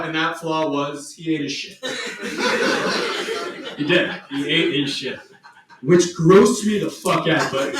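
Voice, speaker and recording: A man's voice: on the high side, fairly bright tone, a little hiss or hum. A man doing a crude, self-mocking stand-up set on a comedy club stage. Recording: echoey club from far off.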